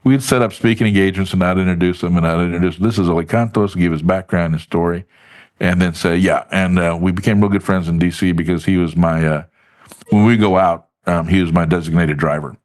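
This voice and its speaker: A middle-aged man telling stories as a podcast guest, lively and acting out what others said. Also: deep voice, brisk. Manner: animated storyteller who acts out quoted voices. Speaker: podcast guest, business advocate. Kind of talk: casual storytelling in an interview.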